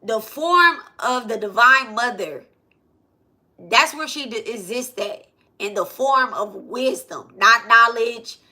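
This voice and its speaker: A woman's voice: a little high, slow pace, pushed and bright. Woman teaching with repeated check-ins. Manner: repetitive, asks "okay?" and "right?" often. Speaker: spiritual teacher. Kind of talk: casual spiritual lesson.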